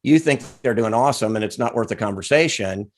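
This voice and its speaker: A man co-hosting a podcast, explaining a point in a measured, casual way. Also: mid-range voice, expressive. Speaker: co-host.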